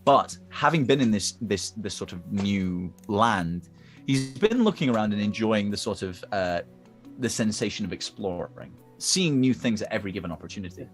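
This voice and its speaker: A man's voice: lowish voice, lively intonation, moderate pace, faint music behind. A man narrating as dungeon master, rambling and hesitant with many fillers. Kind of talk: narrating a tabletop game.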